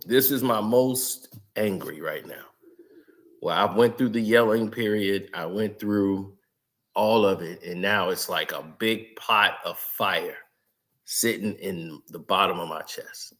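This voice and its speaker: Man, live-stream rant, bright edgy voice, sarcastic, heated. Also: sits low, steady tone, a little slow. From Chicago, USA. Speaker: sports commentary streamer.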